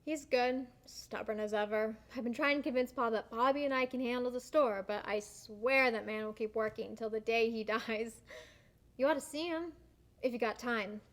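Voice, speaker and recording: A woman's voice: fairly high pitch, moderate pace, natural voice. A young woman playing a teasing small-town sister. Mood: chatty. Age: young adult. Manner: teasing, blunt. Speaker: actor. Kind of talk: student stage play.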